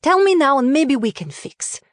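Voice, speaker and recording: A woman's voice: sits high, big pitch swings, moderate pace, no echo, studio quality, voice pushed up. A woman voicing a matter-of-fact Russian-accented female leech healer who speaks broken English, within a memoir audiobook.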